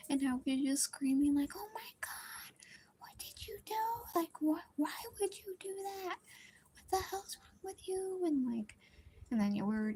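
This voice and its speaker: A woman's voice: fairly high pitch, warm tone, a little hiss or hum. A young woman chatting casually while drawing, telling a rambling story with lots of fillers and some whispered stretches. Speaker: drawing streamer.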